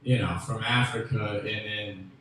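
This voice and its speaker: Rambling stand-up comic in an echoey room. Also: male voice, on the low side, fairly even intonation, measured pace. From Memphis, USA. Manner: rambling, self-interrupting, loud bursts on punchlines. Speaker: stand-up comedian. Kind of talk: stand-up comedy set. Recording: echoey room with faint ambient noise.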